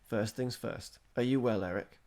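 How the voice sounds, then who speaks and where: A man voicing a stern, calm grown father who speaks in a measured way, in a storybook reading. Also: on the low side, lightly acted. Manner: measured, severe.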